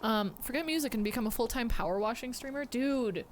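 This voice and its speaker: A woman streaming a game live, chatting casually and excitedly to her chat and the game. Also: fairly high pitch, brisk, very noisy.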